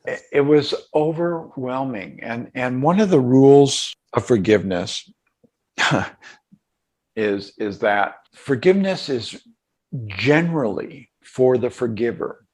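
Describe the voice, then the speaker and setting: An older man, a guest in an interview, telling a personal story in a halting, emotional way with many restarts. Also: medium pitch, expressive, a little mellow. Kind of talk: reflective storytelling.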